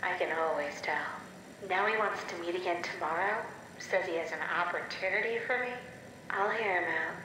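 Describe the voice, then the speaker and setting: A woman voicing a bitter, scheming actress who speaks slowly and vengefully in a horror game audio log. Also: lowish voice, bright, forceful tone. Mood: brooding, vengeful. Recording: very echoey tape with faint hiss.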